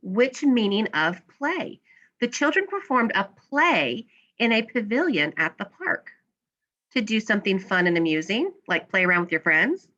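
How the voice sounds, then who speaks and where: Bright-voiced woman teacher explaining word meanings. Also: a little high, dull audio. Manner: patient, asks questions and answers them herself. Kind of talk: classroom slideshow lesson. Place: classroom.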